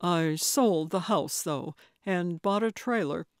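A gentle, bashful retired man , voiced by a woman narrator, who speaks softly and with a little hesitation. He takes his time over every phrase. The recording is dry and close. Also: fairly low pitch, slow, no echo. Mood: plain. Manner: soft, hesitant, wondering. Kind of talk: audiobook character voice.

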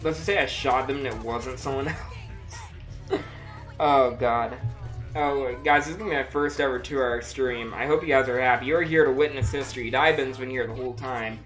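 A woman with a bass voice talks at normal speed over soft background music. She's chatting casually during a gameplay livestream, sick with a dry throat, giggling often and poking fun at herself. Her delivery is full of laughter and exclamations.

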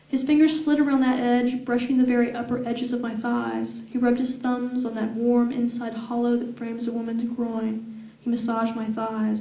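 A woman reads her own fiction aloud at a fan event, slowly and deliberately, with a sensual lilt. Her voice is a little high yet mellow. It is heard from afar in an echoey room. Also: recorded from a distance. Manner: slow, deliberate, sensual reading. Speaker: author reading her novel. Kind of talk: public reading of fiction.

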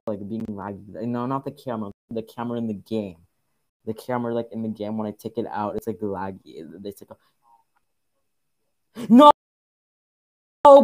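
A man's voice: mid-range voice, a little mellow, dry recording, rough recording. Jumpy young male game streamer. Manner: jumpy, repeats himself, thanks followers over and over. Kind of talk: casual live game commentary.

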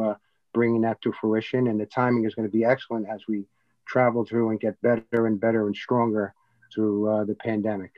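A man's voice: medium pitch, no echo. A man talking in a casual interview, rambling with many fillers and restarts, a little out of breath. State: slightly out of breath. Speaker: guest, entertainment producer. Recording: dull, dry lo-fi audio.

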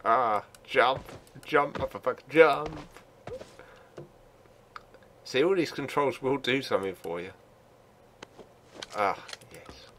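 An older man hosting his own gaming channel, giving casual commentary while he plays at his home computer, chatty and quick to laugh. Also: mid-range voice, animated, a little hiss or hum. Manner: chatty and laughs easily, gets loud and sweary in action.

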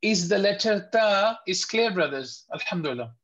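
A man's voice: sits high, lively intonation, a bit bright, lo-fi sound. A man teaching an online tajweed lesson, patiently repeating letter sounds and checking that his students follow. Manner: patient, repeats sounds slowly, asks if it is clear. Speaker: Quran recitation teacher.

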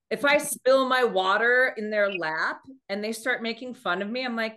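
Animated woman coaching on dating. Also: fairly high pitch, normal speed, few pauses. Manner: animated storytelling, acts out quoted speech. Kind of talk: motivational talk on dating.

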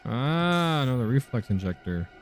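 Over soft background music, a young gaming channel host with a medium-pitched, sing-song voice offers casual let's-play commentary on a horror game at a moderate pace. Scares make him jumpy, prompting startled, profane outbursts.

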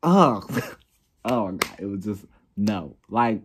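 A man's voice: fairly low pitch, steady tone, a little slow, background noise. A young man vlogging in a casual, profane, blunt rant, often laughing at himself. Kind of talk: casual ranting commentary.

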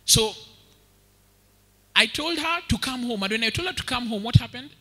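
A young Kenyan man preaching with a high, piercing, brilliant voice. He tells his story with lively energy and slips into street slang. The sound rings out through a large hall with a long echo. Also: moderate pace. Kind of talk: storytelling sermon. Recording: echoey hall with long reverb.

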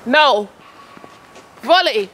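A woman's voice: high voice, animated, extremely slow, a bit bright, a little hiss or hum. A woman coaching her son at tennis on an outdoor court, calling out shots and chatting casually to her vlog viewers. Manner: calls out shots, chatty and coaxing.

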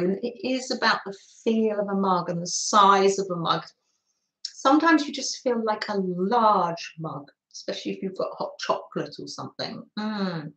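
A woman's voice: mid-range voice, measured pace. A middle-aged British woman hosting a live art stream, chatting casually with viewers and laughing often. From Britain. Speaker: livestream art host. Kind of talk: casual livestream chat. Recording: roomy echo.

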